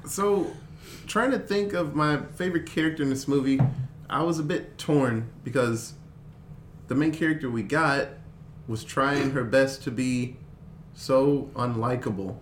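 A man's voice: mid-range voice, measured pace. A man hosting a casual movie review podcast, recapping the plot and asking the others questions. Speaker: podcast host. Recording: echoey room, faint noise.

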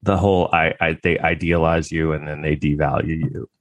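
A man's voice: a bass voice, little pitch movement, moderate pace. A man delivering a rambling, crude, sarcastic comedic monologue.

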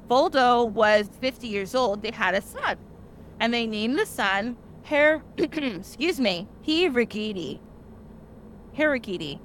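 Young woman host telling a story, kinda high voice, chatty and animated, lots of likes. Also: slight background noise. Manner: chatty, animated retelling with frequent "like" fillers. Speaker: podcast host. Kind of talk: casual storytelling.

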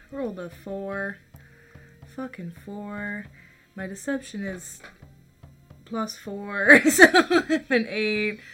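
A woman's voice: mid-range voice, sharp tone. A woman playing a tabletop game, casual and chatty about her rolls. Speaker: player.

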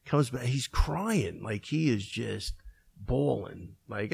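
Gravelly rambling gym owner, a man. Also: mid-range voice, expressive, takes it slowly. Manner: rambling storyteller, many fillers. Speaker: martial arts gym owner. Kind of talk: casual podcast chat.

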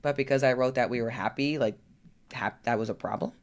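A woman's voice: a bass voice, fairly quick. A woman coach talking candidly in a personal vlog, frank and chatty, now and then cursing and asking rhetorical "right?" questions. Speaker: lifestyle coach.

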